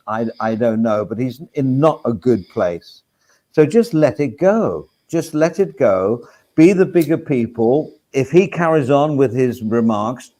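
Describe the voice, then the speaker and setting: A man's voice: medium pitch, a little mellow. A man on a live stream panel, talking earnestly and repeating himself as he makes his points. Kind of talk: casual panel chat.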